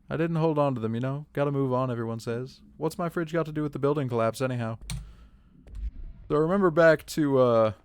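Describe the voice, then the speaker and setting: A man's voice: mid-range voice, clean tone. A man chatting and joking with his viewers while streaming a video game. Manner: chatty, joking, talks to chat. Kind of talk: casual gaming livestream commentary.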